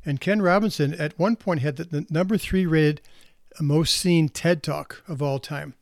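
A man's voice: fairly high pitch, a little slow, creaky, dry recording. Earnest man counselor with dry sound. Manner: earnest, often repeats words and says "if you will". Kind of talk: reflective spoken talk.

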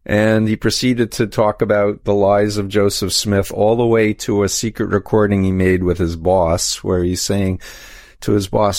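A man talking as an interview guest, explaining at length in a measured way with frequent restarts. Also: lowish voice, flat delivery, a little mellow, dry recording, studio quality. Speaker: guest, cult expert. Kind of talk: conversational interview.

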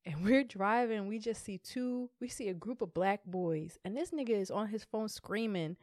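A tipsy woman co-hosts a casual podcast, loud and playful, her voice getting big and animated. The sound is dry and close, with no room around it. Her pitch sits in a middle register. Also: normal speed, no echo. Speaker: podcast co-host. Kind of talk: casual chat.

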